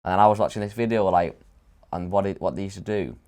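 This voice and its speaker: Low-voiced St Helens lad chatting. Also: male voice, fast, a little mellow, smooth. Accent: St Helens, Northern English. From St Helens, England. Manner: chatty storyteller, laughs often, acts out quotes. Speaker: podcast co-host. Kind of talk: casual chat.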